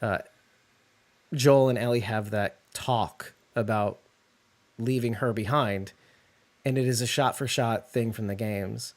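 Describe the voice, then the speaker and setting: Male co-host, mid-pitched, rambling casual chat, restarts often. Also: steady tone, a little slow, long pauses. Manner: rambling, restarts a lot, acts out quotes. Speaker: podcast co-host.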